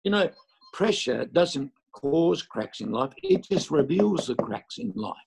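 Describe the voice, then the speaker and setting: Older preacher with a gravelly voice. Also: male voice, on the high side, sing-song, a little slow, a little mellow, rough recording. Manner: storytelling with emphatic, repeated phrases. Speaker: pastor. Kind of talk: sermon.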